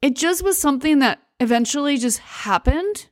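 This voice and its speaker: Brief: young American woman, podcast host, heartfelt and halting, slightly high voice, dry booth sound. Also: animated, no echo. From United States. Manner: emotional, halting, many fillers and restarts. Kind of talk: personal monologue.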